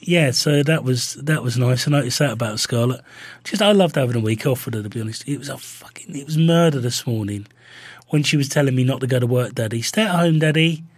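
A man, co-hosting a casual podcast chat with sweary, jokey, deadpan banter. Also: mid-range voice, quick pace, husky, no room sound. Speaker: podcast co-host.

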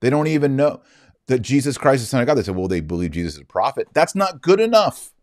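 A man's voice: mid-range voice, lively intonation, very fast, darkish tone, no echo, studio quality. A man retelling an argument in an emphatic, indignant monologue. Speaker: Catholic commentator. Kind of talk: storytelling monologue.

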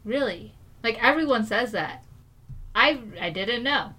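A young American woman in casual chat, acting out quoted lines with big pitch jumps. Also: expressive, measured pace, bright, forceful tone, husky. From United States.

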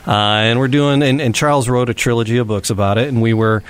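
A man's voice: medium pitch, steady tone, fast talker, smooth, no echo. Rambling male podcast host, dry sound. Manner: rambling, self-correcting, laughs often. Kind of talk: casual podcast chat.

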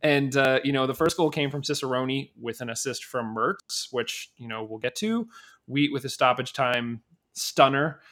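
A man's voice: medium pitch, moderate pace, a bit bright. A man hosting a casual sports podcast, chatty and easygoing, leading the talk with plenty of fillers. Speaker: podcast host.

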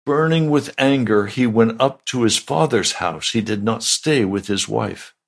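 A man's voice: lowish voice, lively intonation, a little slow, gravelly, slightly rough. A male pastor preaching a sermon, retelling a Bible story and rising to emphatic peaks.

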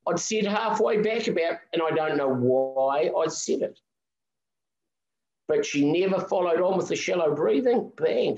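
Animated New man telling a story. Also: sits high, creaky, echoey room, lo-fi sound. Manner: animated, emotional storytelling with restarts. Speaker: guest, marathon swimmer and crossing pilot. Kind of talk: podcast interview storytelling.

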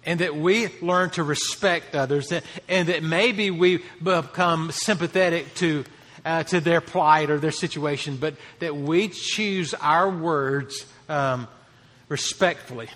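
A man preaching a sermon, his voice pitched high and ringing bright. He speaks earnestly and lifts his voice to drive key phrases home. The sound trails off into the long reverb of a hall. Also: slow. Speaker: pastor.

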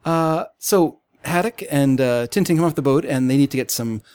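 A man's voice: on the high side, moderate pace, a little mellow, clear, resonant tone. A man chatting casually as co-host, rambling through a story and laughing often. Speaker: podcast co-host. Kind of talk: casual comic book discussion.

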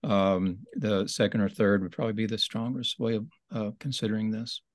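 A man's voice: lowish voice, steady tone, normal speed, no room sound. Man explaining scripture in conversation. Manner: thoughtful, explanatory, with frequent restarts. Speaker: Bible study teacher. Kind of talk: conversational Bible study discussion.

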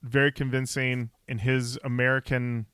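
A man co-hosting a podcast, retelling movie scenes in an animated way and laughing often. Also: mid-range voice, moderate pace, clean tone, dry recording, clean studio sound. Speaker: podcast co-host. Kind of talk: casual chat.

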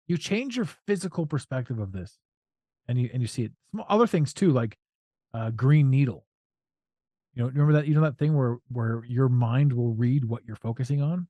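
A man's voice: mid-range voice, moderate pace, no room sound. A man hosting a podcast in casual chat, telling stories and acting out voices for laughs. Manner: animated, acts out voices and jokes. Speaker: podcast host.

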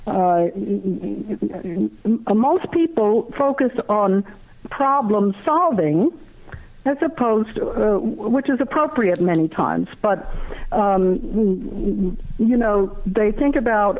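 Slow, halting guest on a phone line. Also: mid-range voice, animated. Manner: halting, many fillers and restarts. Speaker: guest author. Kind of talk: interview answers.

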